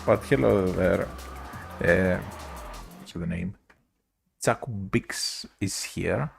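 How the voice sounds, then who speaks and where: A man with a Greek accent, chatting casually with his viewers while streaming a racing game, in a relaxed, rambling way. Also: sits low, slow, creaky, faint music behind. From Greece. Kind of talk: casual gameplay chat.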